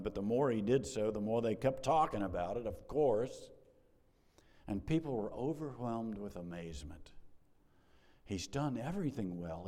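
In a church sanctuary with a long hall reverb, a middle-aged male pastor preaches a sermon. His voice is fairly low and dark in tone, and his conversational delivery rises to emphatic peaks.

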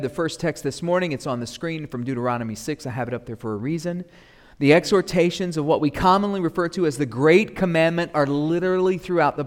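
Man preaching in a reverberant church. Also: mid-range voice. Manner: conversational, building to loud emphatic proclamation. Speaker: pastor. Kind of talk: sermon. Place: church sanctuary. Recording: long reverb of a church hall.

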